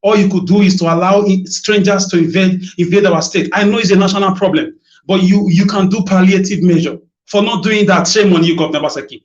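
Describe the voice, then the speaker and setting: A man's voice: high voice, steady tone, fast talker. A Nigerian man making an emotional, accusing public appeal, repeating phrases for force. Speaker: citizen addressing a governor in a video. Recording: dull lo-fi video audio.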